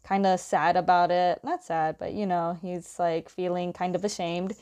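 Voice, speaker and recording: A woman's voice: lowish voice, level tone, normal speed, darkish tone. A young woman casually recapping a story, chatty and laughing often, with lots of filler words. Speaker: comic recap host.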